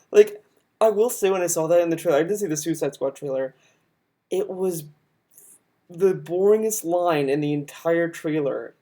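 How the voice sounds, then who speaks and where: A man's voice: on the high side, moderate pace, mellow. A man streaming a reaction to a video, arguing his points emphatically and talking over what he is watching. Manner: argumentative, emphatic, interrupts the video. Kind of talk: heated reaction commentary.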